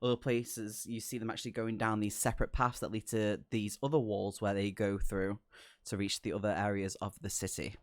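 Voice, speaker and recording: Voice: low voice, little pitch movement, a little fast, no echo, clean studio sound. A game master narrating a tabletop game, rambling with many fillers and frequent giggles.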